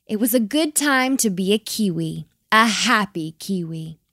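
A woman narrating a children's bedtime story, gentle and expressive. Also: mid-range voice, measured pace, no room sound, studio quality.

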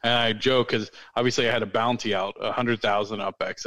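A man's voice: fairly low pitch, flat delivery, fast talker, few pauses, fairly bright tone, no room sound. A man co-hosting a podcast in casual chat, rambling loosely with lots of fillers and restarts. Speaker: podcast co-host.

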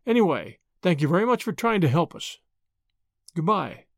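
A man's voice: high voice, big pitch swings, moderate pace, gravelly, no room sound, studio quality, heavily acted. A man reading the part of a spirited young woman who has turned downcast, speaking in an earnest, pleading way. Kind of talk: audiobook character reading.

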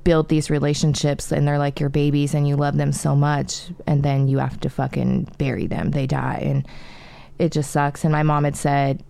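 A middle-aged woman in casual chat, telling animated stories full of profanity. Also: sits low, normal speed, gravelly, no echo.

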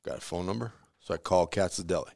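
Deep-voiced man telling kitchen stories. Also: brisk, creaky, no room sound, clean studio sound. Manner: animated storyteller who acts out quoted voices, laughs often. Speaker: pizzeria owner. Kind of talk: casual storytelling interview.

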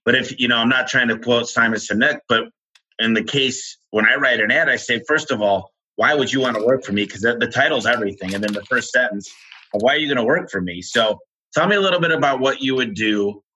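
A man's voice: medium pitch, sharp tone, husky. A man hosting an interview, a business coach who talks in emphatic, listed points. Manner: emphatic, quick to list points. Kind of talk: podcast interview. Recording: dull lo-fi recording.

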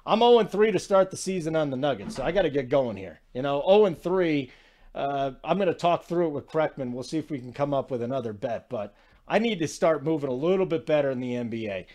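A man's voice: on the high side, brisk. Chatty man hosting a sports betting show. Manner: chatty, energetic, digressive. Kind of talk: casual sports talk.

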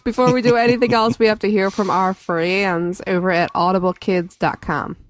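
A woman's voice: mid-range voice, steady tone, moderate pace, no echo. A woman hosting a podcast in casual, chatty banter, laughing often. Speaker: podcast host. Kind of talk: casual chat.

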